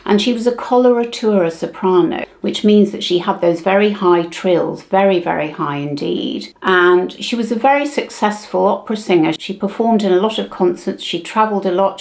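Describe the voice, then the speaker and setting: Gravelly woman in her seventies. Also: lowish voice, a little mellow. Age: 70s. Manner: chatty, reminiscing while sorting keepsakes. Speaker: vlogger. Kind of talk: casual vlog.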